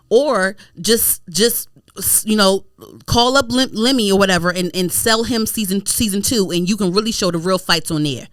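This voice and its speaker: A young woman from Maryland co-hosting a podcast, rambling through animated casual chat with lots of fillers. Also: medium pitch, clear, resonant tone, no echo, clean studio sound. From United States, Prince George's County, Maryland. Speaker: podcast co-host.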